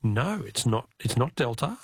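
A man's voice: medium pitch, sing-song, normal speed, breathy edge, no room sound, clean studio sound. An Australian man hosting a talkback radio quiz, chatty and jokey with callers.

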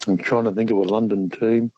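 A man's voice: fairly low pitch, steady tone, brisk, darkish tone, dry recording. A man calling in to a radio quiz, hesitant and apologetic, heard over a dull phone line. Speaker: caller.

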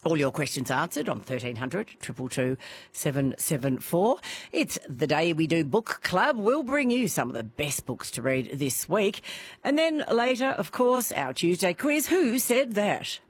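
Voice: medium pitch, big pitch swings, normal speed, husky. An Australian radio host in upbeat live chat, talking into a studio microphone with frequent fillers.

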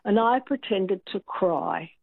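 A woman's voice: mid-range voice, slow pace, creaky, no room sound. A woman calling in to a radio show, telling a story in a chatty, hesitant way. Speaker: caller. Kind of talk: telling an anecdote on a radio call-in. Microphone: telephone. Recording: tinny phone line.

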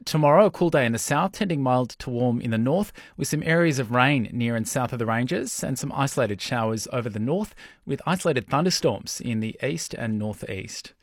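Australian male newsreader, measured, dry booth sound. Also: mid-range voice, dry recording. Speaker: radio newsreader. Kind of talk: news reading.

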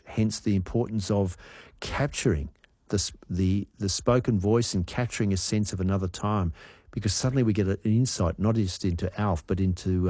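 A man hosting a radio segment, musing slowly and thoughtfully about an archive recording. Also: low-pitched, dark tone, dry recording, studio quality. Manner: reflective, with drawn-out musing pauses. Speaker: radio host.

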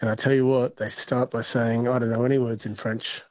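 A man's voice: medium pitch, little pitch movement, brisk, a little mellow, no room sound. A man calling in to a radio quiz, confident and chatty, who jokes with the host. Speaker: caller. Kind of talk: casual chat on a radio phone-in.

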